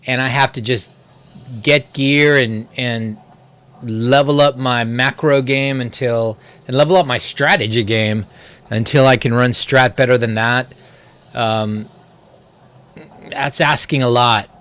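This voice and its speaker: A man's voice: medium pitch, fairly even intonation, slow, a bit bright, clear, resonant tone. A man casually talking through a live game stream, rambling and wry, poking fun at himself as he plays. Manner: rambling, wry and self-mocking. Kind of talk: casual live-stream commentary while gaming.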